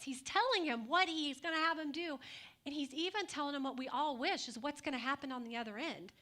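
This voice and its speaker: A woman's voice: sits high, sharp tone. A woman pastor preaching a sermon in a conversational way, asking the congregation questions and adding light humor.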